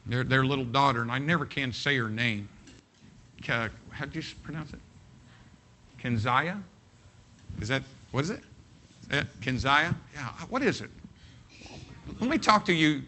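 A man's voice: mid-range voice, animated, a little slow, long pauses, sharp tone, slight background noise. A man preaching a sermon as pastor, emphatic and folksy, often repeating his phrases.

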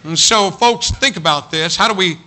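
A man preaching a sermon in a bright, sharp, forceful voice that sits fairly high for a man. He talks earnestly to his congregation and recites verse, swelling up in fervent peaks before dropping back to a quieter, confiding tone. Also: moderate pace.

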